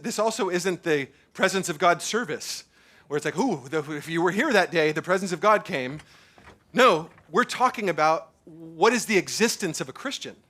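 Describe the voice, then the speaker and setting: High, bright-voiced male pastor preaching. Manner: animated, conversational, with many fillers and repeats. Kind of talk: sermon. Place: church service.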